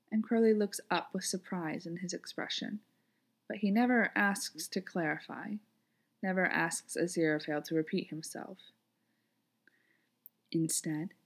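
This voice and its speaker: Low gravelly woman reading a story. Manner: gentle, lyrical storytelling. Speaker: reader. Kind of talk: reading fan fiction aloud.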